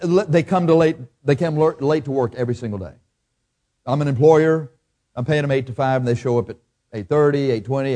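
A preacher man delivering a sermon with blunt, emphatic force, his voice sitting a little high for a man yet mellow and warm in tone. He acts out people's excuses in a whiny put-on voice. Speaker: pastor.

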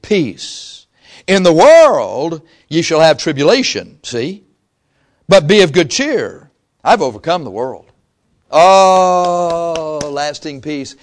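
A man's voice: on the high side, very animated, slow. A male pastor preaching a sermon in a conversational way, with frequent restarts and quotes he acts out.

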